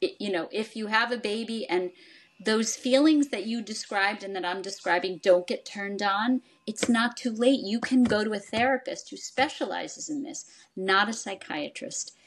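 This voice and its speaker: Brief: older female psychoanalyst guest, mid-pitched, explanatory, voices quoted parents now and then. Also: normal speed. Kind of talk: expert conversation.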